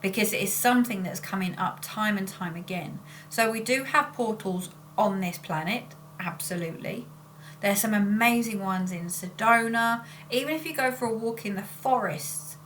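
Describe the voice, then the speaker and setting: A woman's voice: medium pitch, fairly bright tone, a little hiss or hum. Rambling woman vlogging. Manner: rambling and self-interrupting. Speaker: spiritual channeler and vlogger. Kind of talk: casual chat.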